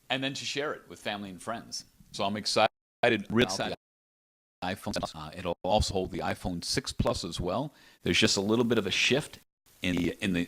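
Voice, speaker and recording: A man with a low, deep voice describes his invention in a relaxed interview. He talks with enthusiasm, rambling and restarting his sentences. The conversation was recorded in an apartment. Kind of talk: casual product interview.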